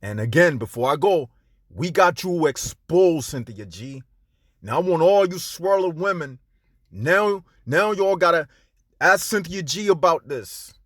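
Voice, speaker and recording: A man hosting his own commentary channel, preaching in an emphatic, scornful way, dropping into a low drawl and then jumping up into sharp outbursts, stretching out stressed words. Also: lively intonation, unhurried, no echo, clean studio sound. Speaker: channel host.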